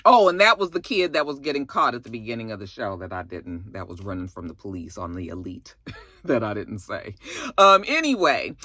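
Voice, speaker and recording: Bright, chatty woman recapping a show. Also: extremely low pitch, brisk, dry recording. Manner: chatty, animated retelling with acted-out quotes. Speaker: TV review vlogger. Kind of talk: casual recap review.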